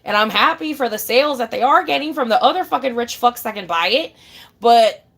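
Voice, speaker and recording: Profane ranting woman, higher voice. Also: lively intonation, fairly quick, gravelly, a bit bright, husky. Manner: profane, emphatic, repeats herself, calls listener babe. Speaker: vlogger. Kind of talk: casual rant to camera.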